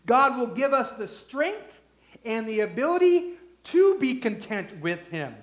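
Male preacher, emphatic sermon delivery, high pitch, echoey room. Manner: emphatic, swinging from loud to hushed.

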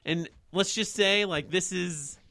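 A man's voice: sits high, slow, vocal fry, bright, forceful tone, dry recording. A young man co-hosting a casual chat, crude and teasing, cutting in with jokes. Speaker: podcast co-host.

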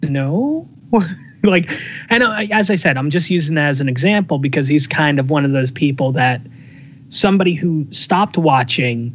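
A man chatting casually on a podcast, wry and quick to swear while telling stories. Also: fairly high pitch, animated, a bit bright, muffled recording, a little hiss or hum. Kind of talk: casual chat.

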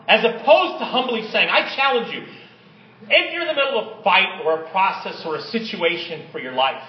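A male pastor preaching a sermon in a church sanctuary, impassioned and shouting at times, with joking conversational asides. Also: high voice, distant mic, a little hiss or hum. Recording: echoey, dull room sound.

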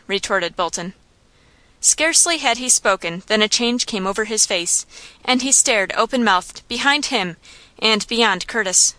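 A woman narrating an audiobook in a steady, clear storytelling manner. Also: medium pitch, measured pace, no echo. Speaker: audiobook reader.

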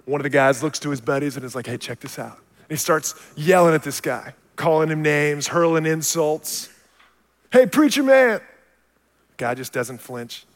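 A man with a slightly high voice preaching from the pulpit. He tells stories in an animated way, dropping low and quiet, then building to shouts. His voice rings out with a long reverb around the hall. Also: moderate pace, hardly any pauses. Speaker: pastor. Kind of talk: sermon.

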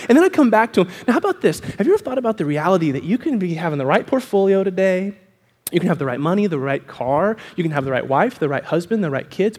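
A man pastor, preaching a sermon in a church, telling stories and acting out voices before building to a fervent proclamation. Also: high voice. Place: church sanctuary.

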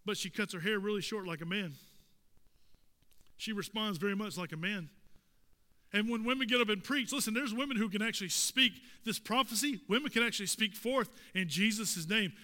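A man preaching a sermon in a church sanctuary. His voice sits high and sounds bright and forceful, and he keeps asking the congregation rhetorical questions. The room adds a long, ringing reverb. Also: a little fast. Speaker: pastor.

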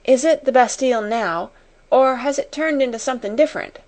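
A woman's voice: high voice, a little fast, darkish tone, pitched above the performer's own voice, lightly acted. A woman voicing a humble young scullery maid girl who speaks in Cockney dialect and sounds awed. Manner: Cockney dialect, dropped h's.

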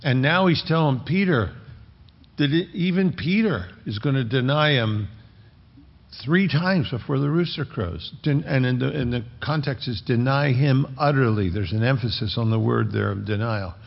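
A man as pastor, preaching a sermon in an earnest, measured way and repeating key phrases. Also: medium pitch, gravelly. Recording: dull lo-fi recording with long hall reverb.

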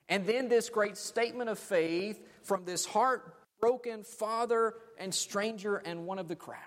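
A man's voice: high voice, animated, unhurried, few pauses. Preaching man in a reverberant hall. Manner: dramatic, phrases fading off to near silence. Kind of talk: sermon.

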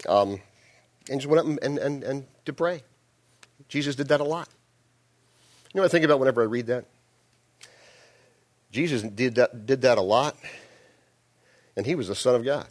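A man's voice: medium pitch, lively intonation, fast, long pauses. A male pastor giving a sermon, telling the story in a folksy, joking way with many restarts.

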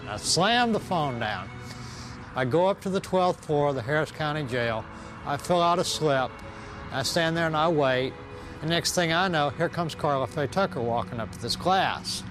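A man, telling his own story of forgiveness in an earnest, slow way. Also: medium pitch. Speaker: testimony speaker. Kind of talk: personal testimony. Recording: music bed underneath.

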